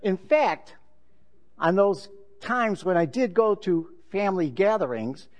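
A male pastor delivering a sermon with a high-pitched voice. He talks candidly and with self-deprecation, easing from a joke into personal reflection. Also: big pitch swings, measured pace, darkish tone, muffled recording.

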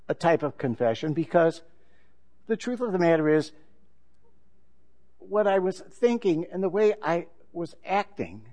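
A male pastor delivering a sermon with a high-pitched voice. He talks candidly and with self-deprecation, easing from a joke into personal reflection. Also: a little mellow.

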